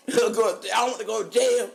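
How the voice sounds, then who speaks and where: A man, a podcast co-host telling funny stories in casual chat, animated and laughing often. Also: moderate pace, gravelly. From North Carolina. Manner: animated, laughing often, drops low for quoted voices. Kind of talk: casual storytelling.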